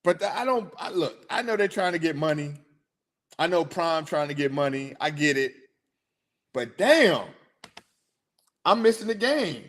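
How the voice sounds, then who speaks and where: A young man hosting a sports podcast, chatting in a rambling, animated way and answering his listeners. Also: fairly high pitch, measured pace, long pauses. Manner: rambling, animated, talks to chat viewers. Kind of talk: casual chat.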